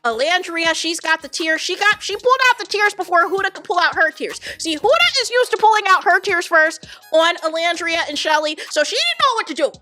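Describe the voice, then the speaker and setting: A woman with a high, bright, ringing voice dishes on reality TV in casual reaction commentary. She retells drama with lively flair and speaks directly to her audience. Soft music plays faintly underneath. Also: fairly quick. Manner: animated, dramatic retelling, addresses viewers as y'all.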